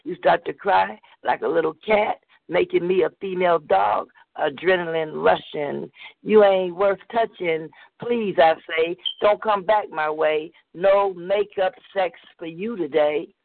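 A woman's voice: fairly low pitch, unhurried, vocal fry. A woman hosting a call-in poetry show and reading her poem bluntly and fiercely. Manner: blunt, fierce rhythmic recitation. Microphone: phone call. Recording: tinny phone line, dry.

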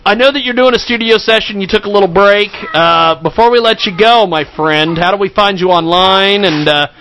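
A man's voice: high voice, brisk, sharp tone, slight background noise, low-quality recording. A man hosting a radio talk show, upbeat and friendly as he interviews and plugs a guest.

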